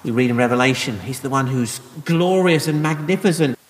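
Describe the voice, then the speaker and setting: Gentle preacher in a reverberant hall. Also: male voice, medium pitch, brisk. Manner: gentle, conversational explaining with soft laughs. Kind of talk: sermon.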